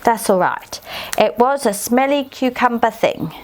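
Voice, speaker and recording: A woman's voice: a little high, animated, measured pace, a little hiss or hum. A woman voicing a cheeky, chatty little girl fairy who talks bluntly and straight to the listener in a children's story.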